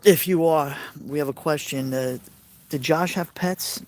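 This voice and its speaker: A man's voice: on the high side, a little slow, a little mellow. A man with a Brooklyn Italian American accent, chatting casually on a live stream and answering viewers' messages aloud. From New York. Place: outdoors by a fire pit at night.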